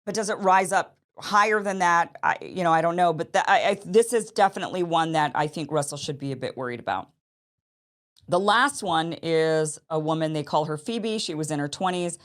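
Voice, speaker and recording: A woman's voice: fairly low pitch, normal speed. A woman host in her thirties giving spoken commentary on a news story, thinking aloud with frequent restarts.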